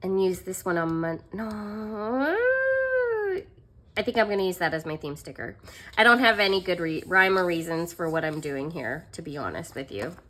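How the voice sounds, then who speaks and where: A woman's voice: on the low side, moderate pace, fairly bright tone. A young adult woman vlogger telling a story in a chatty, self-mocking way while she decorates a planner, laughing often and filling with "like" and "um".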